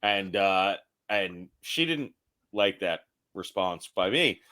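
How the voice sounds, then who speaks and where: A man's voice: low-pitched, animated, slow, sharp tone. A man co-hosting a casual talk show, reacting to stories and stumbling into jokey asides of his own. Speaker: podcast co-host. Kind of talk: casual chat.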